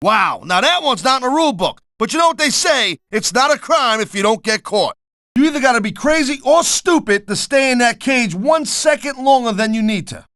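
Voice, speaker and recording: A man's voice: extremely high pitch, animated, normal speed, a bit bright, no room sound, studio quality. A middle-aged man doing color commentary for a wrestling video game, blunt and wisecracking with tough-guy slang.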